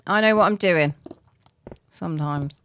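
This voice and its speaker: A middle-aged British woman streaming a game, chatting casually and self-mockingly, laughing often and counting softly under her breath. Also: fairly low pitch, a little slow, smooth. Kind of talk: casual live-stream chat while playing.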